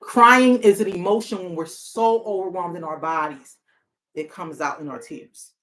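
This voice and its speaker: A woman's voice: on the low side, moderate pace, a bit bright. Earnest woman therapist, repeating phrases. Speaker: therapist and hotline counselor. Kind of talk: casual reflective monologue.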